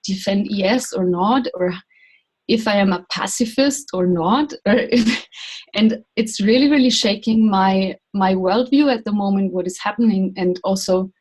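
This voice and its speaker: Woman on a call, halting, repeats words, searching for what to say. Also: medium pitch, a little mellow, low-quality recording. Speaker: course participant. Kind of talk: self-introduction on video call. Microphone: video call.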